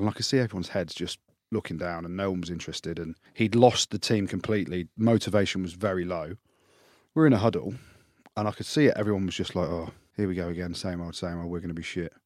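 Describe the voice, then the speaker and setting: A man, a former rugby player, co-hosting a podcast and telling stories fast in casual chat, swearing freely. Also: low voice, dry recording, clean studio sound.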